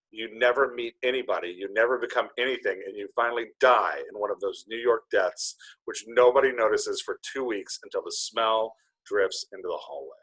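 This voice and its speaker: A man's voice: fairly low pitch, a bit bright, slightly rough, poor audio. Man reading a gloomy cynical young guy. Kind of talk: casual script read-through.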